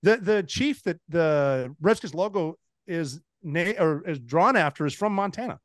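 A man in his forties from the United States, chatting as a podcast guest. He tells stories with energy, restarts his sentences often, and speaks a little higher than most men. The sound is close and dry, with no room echo. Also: a little slow. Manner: animated anecdotes with frequent restarts and laughs. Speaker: podcast guest, former Navy SEAL. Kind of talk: casual storytelling chat.

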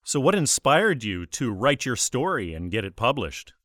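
A man's voice: mid-range voice, very animated, normal speed, a bit bright, no echo, clean studio sound. A man hosting a book interview, with a polite, formal, announcer-like delivery. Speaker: interview host.

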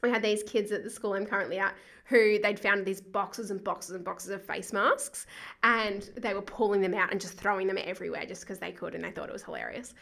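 An Australian woman, a school co-principal, speaking as a podcast guest in a bubbly, expressive way and laughing often. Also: mid-range voice, brisk, vocal fry. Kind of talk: podcast interview.

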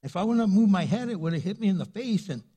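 A male pastor preaching a sermon, telling a lively personal story and acting out the people in it. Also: high voice, fast, breathy edge. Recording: echoey hall reverb.

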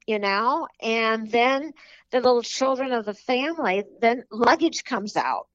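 Brief: woman author in an interview, chatty and rambling with fillers, mid pitch, dull dry recording. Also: a little slow, fairly bright tone, dry recording. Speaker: children's book author. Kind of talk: casual interview talk.

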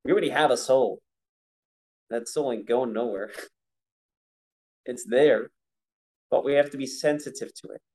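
A man teaching a Torah class, talking conversationally and now and then chanting Hebrew verses slowly. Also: mid-range voice, darkish tone. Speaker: rabbi teaching a prayer-book class.

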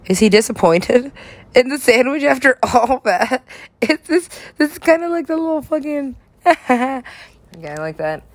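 A woman's voice: high-pitched, expressive, moderate pace. A woman talking in a rambling, meandering monologue, often giggling and swearing casually.

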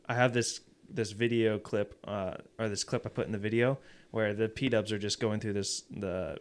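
A man on a podcast who shoots videos, telling stories in a lively, casual way. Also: fairly low pitch, moderate pace, clean tone.

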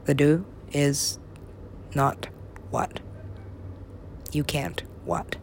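A woman's voice: low-pitched, expressive, drawn-out words, slight background noise. A young woman rambling to herself in a loose, profane way, now and then dropping into a whisper. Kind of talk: rambling solo talk.

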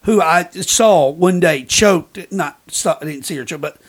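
A man's voice: on the high side, a little slow. A man co-hosting a podcast, ranting bluntly and swearing often in casual chat. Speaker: podcast host.

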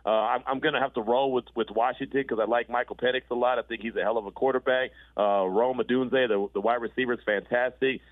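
A man talking sports as a regular guest, animated and quick, his voice jumping up when he gets excited. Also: mid-range voice, no room sound. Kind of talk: casual sports talk. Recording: tinny phone-line call.

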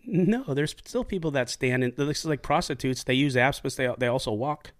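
A man's voice: mid-range voice, normal speed. Blunt, profane man telling cop stories. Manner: blunt, profane, animated storyteller. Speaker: podcast host, former police officer. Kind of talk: casual storytelling chat.

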